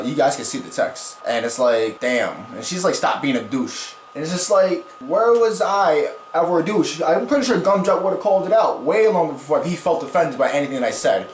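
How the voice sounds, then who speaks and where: A man's voice: medium pitch, a little hiss or hum. A man talking as a YouTuber, rambling through commentary on online drama in slangy speech that swears a lot. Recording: roomy echo.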